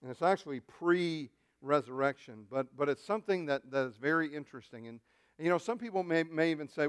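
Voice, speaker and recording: A man's voice: a little high, a little fast, smooth, no room sound. A man preaching a sermon as a pastor, speaking animatedly, addressing the congregation directly and acting out quotes.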